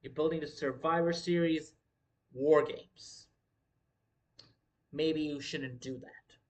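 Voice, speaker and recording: A man's voice: fairly high pitch, steady tone, slow, a little mellow. A man hosting a wrestling livestream in casual commentary, talking emphatically with lots of swearing and repeating his points. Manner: profane, emphatic, repeats himself.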